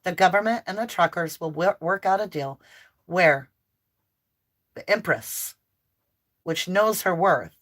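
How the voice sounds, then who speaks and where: A woman doing an impassioned tarot reading to camera, emphatic and near yelling at times, with chatty asides to her viewers. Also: lowish voice, unhurried, long pauses. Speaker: tarot reader and channel host.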